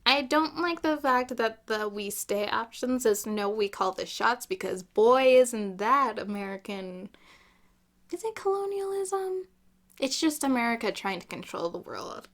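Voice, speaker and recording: A woman's voice: on the high side, measured pace, hardly any pauses, a bit bright. A woman giving casual gameplay commentary, chatty and opinionated, with jokey asides. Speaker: gaming YouTuber.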